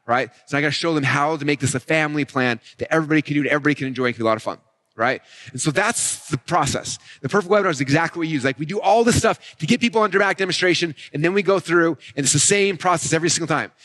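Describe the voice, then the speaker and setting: A man delivering a stage talk on marketing at a rapid clip. His voice sits a bit high and he talks with high energy, punctuating points with "right?" and "okay?". It sounds like a live presentation with running commentary. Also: fairly bright tone. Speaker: marketing speaker.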